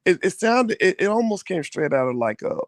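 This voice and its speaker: A man in casual conversation, talking in an animated way with frequent restarts and blunt slang. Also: high-pitched, fairly quick, no room sound. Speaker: co-host. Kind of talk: casual chat.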